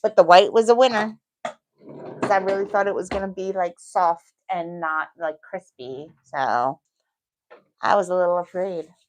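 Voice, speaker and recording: A middle-aged woman with a New York accent speaks in a lowish, unhurried voice with a darkish tone. She chats casually and reassuringly, thinking aloud as she demonstrates a nail technique in a relaxed tutorial style.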